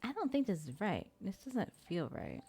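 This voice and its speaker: A young adult woman narrates a game on her streaming mic in chatty, casual commentary, swearing and laughing at how badly she's struggling. Her medium-pitched voice swoops wildly, with a dark, slightly rough tone and a moderate pace.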